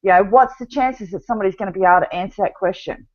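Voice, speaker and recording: A woman's voice: mid-range voice, rapid-fire, muffled recording. A woman with an Australian accent, chatting animatedly as a podcast guest. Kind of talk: casual chat.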